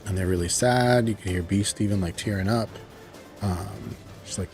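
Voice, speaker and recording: A man casually recapping a cartoon episode, rambling with lots of fillers and excited exclamations. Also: on the low side, normal speed, faint music behind. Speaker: show reviewer.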